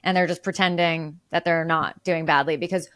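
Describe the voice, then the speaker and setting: Woman co-host, measured and argumentative, dry close sound. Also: sits low, steady tone, a bit bright, clean tone, no room sound. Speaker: podcast co-host. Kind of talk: casual political chat.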